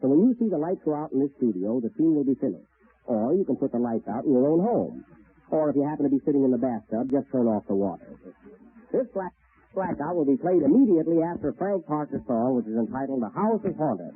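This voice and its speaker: A man's voice: mid-range voice, expressive, a little fast, husky. A man hosting a 1930s radio comedy show, introducing acts with wisecracks and jokey asides. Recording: tinny 1930s radio broadcast.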